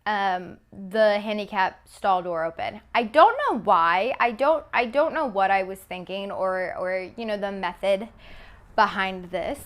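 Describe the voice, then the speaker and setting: A woman's voice: medium pitch, a little slow. A woman around twenty from Texas, telling a casual storytime with lots of "like" fillers and casual swearing. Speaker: vlogger. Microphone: phone camera.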